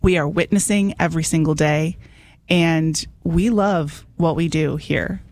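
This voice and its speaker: A woman hosting a radio show, talking quickly and enthusiastically as she urges listeners to call in. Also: deep voice, darkish tone. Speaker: radio host. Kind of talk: fundraising radio talk.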